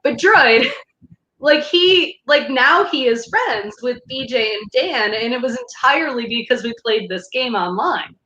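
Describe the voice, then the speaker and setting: A woman's voice: fairly high pitch, animated, a little slow, pushed and bright, lo-fi sound. A woman co-hosting a casual chat show, talking loosely with many restarts and laughs. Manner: chatty, laughing, lots of fillers and restarts. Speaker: podcast co-host. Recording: echoey room.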